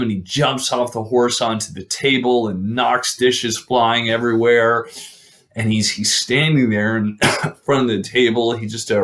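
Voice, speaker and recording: Guy retelling an old legend off the cuff, lowish voice, lots of ums and restarts. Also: fairly bright tone. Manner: rambling, full of fillers and restarts. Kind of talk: casual spoken retelling of a legend.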